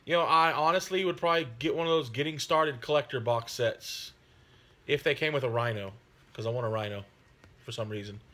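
A man's voice: mid-range voice, brisk, pushed and bright. A man hosting his hobby channel, chatting in a rambling, friendly way with many fillers. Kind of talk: casual chat.

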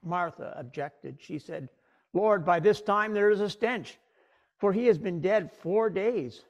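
A middle-aged man pastor preaching a sermon, retelling scripture dramatically with big swings in pitch and careful pauses. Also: highs cut off.

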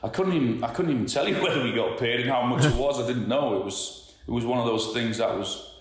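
A man co-hosting a football podcast, speaking in a measured, hesitant way. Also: medium pitch, slight background noise. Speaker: podcast co-host. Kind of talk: casual chat. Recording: very echoey room.

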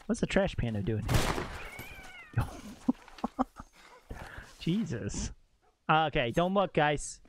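A young man streaming a game live, reacting out loud, exclaiming and swearing as he talks to his chat. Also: a little high, very animated, drawn-out words, pauses often, a little hiss or hum. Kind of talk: live gameplay commentary.

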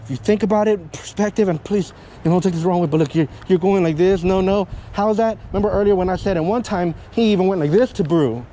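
A man working as a dog trainer, giving hands-on instruction in a kennel yard, animated and self-described dramatic, often checking in with a quick "yeah?". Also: high voice, a little hiss or hum.

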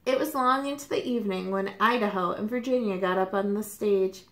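A woman's voice: medium pitch, a little fast. Woman reading a picture book aloud, roomy. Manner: animated, expressive storytelling. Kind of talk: children's read-aloud. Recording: roomy echo.

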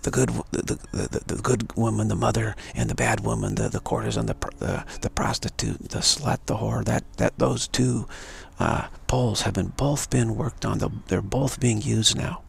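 A man's voice: lowish voice, steady tone, normal speed, vocal fry, hardly any pauses, slightly rough. A man giving an emphatic, repetitive live-streamed monologue, warning his listeners again and again. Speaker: speaker of a live-streamed show.

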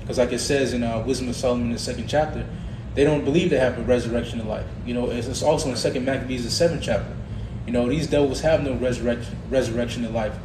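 A man's voice: medium pitch, fairly even intonation, fast talker. A man in a Bible study group earnestly explaining his point and reading verses aloud. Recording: distant, echoey, noisy recording.

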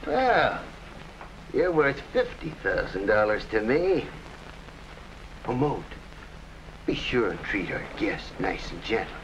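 A sneering gangster boss. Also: male voice, lowish voice, big pitch swings, slow, pauses often, a bit bright, a little hiss or hum, exaggerated voice. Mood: mocking. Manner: sneering, gloating, hard-boiled. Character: scheming gangster boss Flat Top, grown man. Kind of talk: 1940s radio acting. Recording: dull old radio recording.

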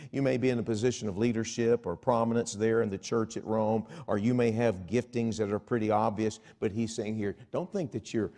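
An evangelist delivers a revival sermon in a church, his voice sitting at an ordinary middle pitch. He talks in a conversational way and voices the doubts of imagined listeners. Then he builds to loud, ringing exhortations. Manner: animated, swings from soft asides to loud exhortation. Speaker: evangelist preacher. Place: church sanctuary.

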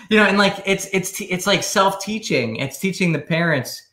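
A man's voice: high voice, animated, normal speed, bright, forceful tone, echoey room. A man who is a psychologist and author, earnestly explaining his ideas in a casual interview. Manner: earnest, explaining at length with restarts.

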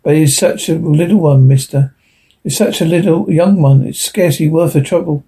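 A man's voice: fairly high pitch, normal speed, mellow, close to an everyday voice. A man doing a pleading native tribesman. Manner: pleading, hesitant.

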